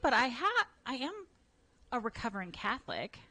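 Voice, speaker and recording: A woman co-hosting a radio show, chatting casually and telling stories in an animated, rambling way full of fillers. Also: on the high side, normal speed, no room sound. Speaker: radio co-host. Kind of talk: casual on-air chat. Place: radio studio.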